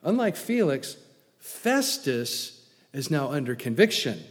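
A man preaching a sermon in a fairly high voice, telling the story with energy and acting out each quote. He swings from loud emphasis to hushed asides, and his voice trails off into the long reverb of a large church sanctuary. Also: big pitch swings, takes it slowly. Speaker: pastor.

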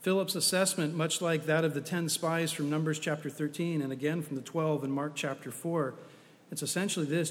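Guy preaching, pretty high voice, chatty and jokey, big echoey hall. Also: steady tone, a little fast. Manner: conversational storytelling with humorous asides. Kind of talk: sermon.

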